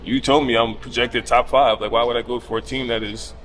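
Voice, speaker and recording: A man's voice: mid-range voice, a little fast. A man in his thirties, a podcast guest telling a casual story and acting out the people in it, cursing freely. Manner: animated retelling with quoted voices, casual cursing.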